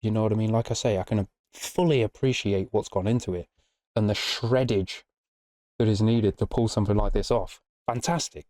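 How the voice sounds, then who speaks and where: Chatty man with a mellow voice. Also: on the low side, moderate pace, no room sound, studio quality. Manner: chatty, swears freely, keeps asking "you know what I mean". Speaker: music reaction channel host. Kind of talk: casual rambling video outro.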